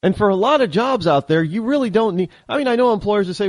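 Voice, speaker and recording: Upstate new york guy hosting his show, lively up and down voice, rambly opinions, dry close mic. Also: high-pitched, a little fast, dry recording. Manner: rambling, restarts often, mimics accents. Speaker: radio show host. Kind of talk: opinionated solo monologue.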